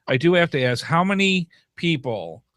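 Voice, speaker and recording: A man's voice: fairly high pitch, very animated, moderate pace, very noisy. A middle-aged man co-hosting a podcast, chatting casually, joking and rambling through stories with many restarts. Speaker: podcast co-host. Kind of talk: casual chat.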